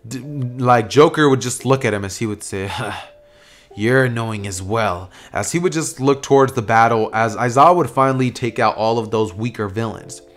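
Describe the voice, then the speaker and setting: A man's voice: mid-range voice, a little fast, few pauses. A man casually narrating a fan-made what-if story, rambling and thinking aloud, correcting himself as he goes. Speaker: YouTube storyteller.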